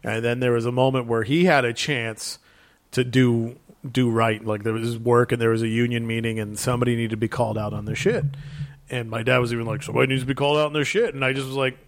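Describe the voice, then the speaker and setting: A man talks comics in a loose, enthusiastic ramble, often slipping into quick quotes of the characters. His voice sits at an average pitch, and the room around him is dry and close. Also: little pitch movement, no echo. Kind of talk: casual chat about comics.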